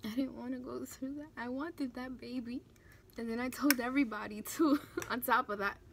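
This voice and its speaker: A young woman speaks in a slightly high voice, tearful and close to crying, with halting restarts and many fillers. She talks while doing a makeup tutorial. A faint hiss sits under her voice. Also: fairly even intonation, gravelly, fairly bright tone. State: close to tears. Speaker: beauty vlogger. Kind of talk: emotional talk during a makeup tutorial.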